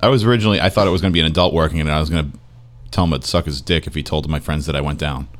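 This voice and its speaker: Deep, fast-talking man playing a game. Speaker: player.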